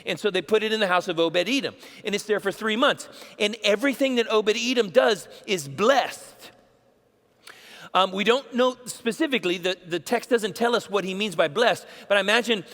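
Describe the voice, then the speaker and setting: A man's voice: high-pitched, normal speed, a bit bright, in a large hall. A man, a pastor, preaching a sermon in a casual storytelling way, acting out bits of dialogue.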